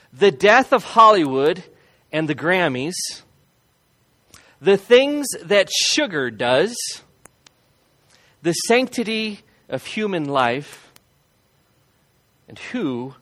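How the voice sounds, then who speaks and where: A man preaching a sermon as a pastor, earnest and emphatic, repeating key phrases and slowing down to stress them. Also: high-pitched, a bit bright.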